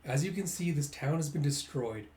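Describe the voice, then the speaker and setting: A man voicing a calm, confident male leader who lays out his plans in a measured way, barely changing his own voice. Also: on the high side, natural voice. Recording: roomy echo.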